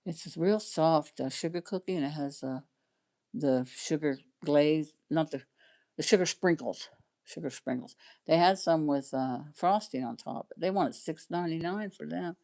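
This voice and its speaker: A woman's voice: sits low, normal speed, dark tone. A middle-aged woman chatting casually on her livestream, rambling and laughing often. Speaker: livestream host chatting with viewers.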